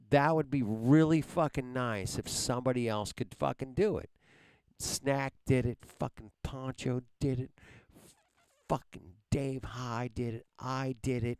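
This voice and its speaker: A man's voice: mid-range voice, a little slow, a little mellow, clear, resonant tone, no echo. A man hosting a live stream from a home computer, giving a frustrated, profane rant at his viewers and begging for help.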